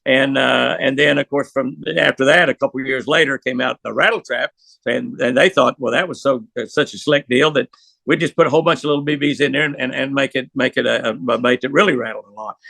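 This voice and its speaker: An older man with a deeply gravelly, forceful voice tells folksy fishing stories as an interview guest. He rambles from one anecdote to the next. The sound is dry and close. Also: no room sound. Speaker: pro angler guest. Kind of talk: storytelling interview.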